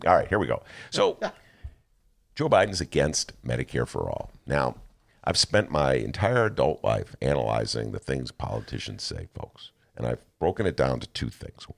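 A man hosting a political talk show, sarcastic and animated, laughing often as he comments. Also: a bass voice, moderate pace, vocal fry.

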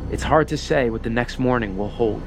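A man with a middle-pitched voice reads documentary narration. His delivery is measured and dramatic, building tension line by line. The tone stays steady and scripted throughout. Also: vocal fry, music in the background.

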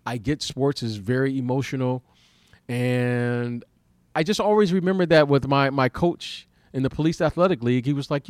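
A former basketball player in his fifties hosts a relaxed podcast conversation, speaking haltingly, repeating words, and laughing a lot. His voice sits at a medium pitch with a slightly mellow quality, and there's no room sound.

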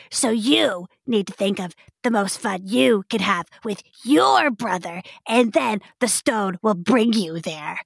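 A woman's voice: a little high, vocal fry, fairly bright tone, husky, no echo, clean studio sound. A woman playing a tabletop game, talking in an earnest, direct way. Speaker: player. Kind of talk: casual tabletop play.

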